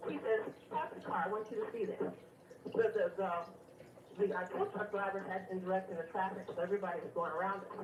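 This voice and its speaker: A woman calling in to a radio show, telling a long story in a rambling, animated way with many fillers. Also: medium pitch, fast, roomy sound, far from the mic, dull audio, slight background noise. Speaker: caller. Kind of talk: phone-in storytelling.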